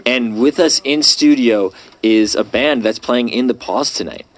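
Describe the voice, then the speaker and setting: A man's voice: mid-range voice, unhurried. A young man hosting student radio, interviewing guests casually and hesitantly with many filler words.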